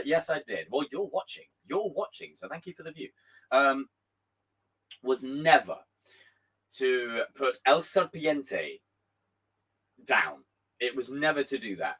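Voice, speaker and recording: A young man hosting a casual live stream, reading chat aloud with a hoarse voice, animated and swearing freely. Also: medium pitch, a little slow, low-quality recording. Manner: animated, swearing, bursts into shouts.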